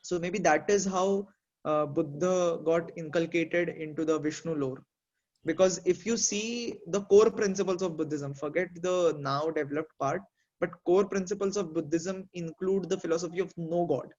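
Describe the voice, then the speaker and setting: A man's voice: fairly high pitch, moderate pace, darkish tone, lo-fi sound. A man in a casual group discussion, explaining his ideas thoughtfully with examples and many fillers. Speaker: discussion participant.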